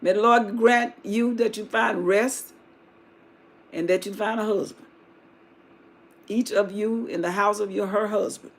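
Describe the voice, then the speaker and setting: A woman's voice: medium pitch, fairly even intonation, unhurried, long pauses, close to an everyday voice. A woman voicing a grieving aging widow who pleads with her daughters-in-law in a folksy, weary way during a live Bible retelling. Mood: pleading.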